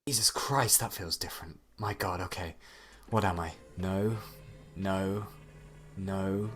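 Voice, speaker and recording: Brief: contemptuous new AI, very deep voice, sarcastic muttering, fake beep-boops. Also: male voice, takes it slowly, a bit bright, slightly rough, exaggerated voice. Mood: dismayed. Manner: sarcastic muttered asides, fake robot beeps. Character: newly sentient male AI, snide and scornful of humans.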